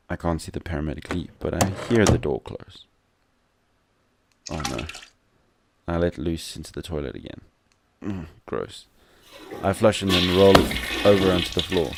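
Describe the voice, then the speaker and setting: A man's voice: low voice, expressive, normal speed, gravelly, pauses often, very noisy. A man reading a visual novel aloud as a gameplay commentator, adding wry, joking asides.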